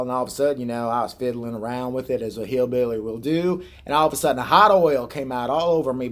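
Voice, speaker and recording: A man voicing a brash, foul-mouthed trucker with a put-on Southern hillbilly accent, griping in a slow drawl. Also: medium pitch, close to an everyday voice.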